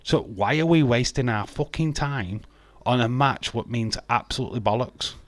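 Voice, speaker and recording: A man's voice: mid-range voice, normal speed, no echo. A man chatting casually on a live stream, greeting viewers, laughing often and swearing freely. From England. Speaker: wrestling watch-along streamer.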